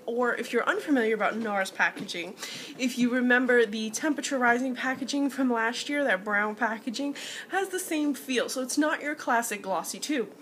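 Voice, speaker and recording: A woman's voice: a little high, pushed and bright, a little hiss or hum. A woman beauty vlogger giving a casual, chatty product review and talking straight to her viewers. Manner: chatty, addresses viewers as guys.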